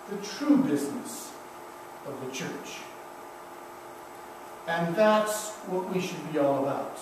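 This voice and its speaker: A man preaching a sermon as pastor, building slow, emphatic repeated refrains. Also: a little high, expressive, a little hiss or hum. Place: church sanctuary. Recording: echoey church from a distance.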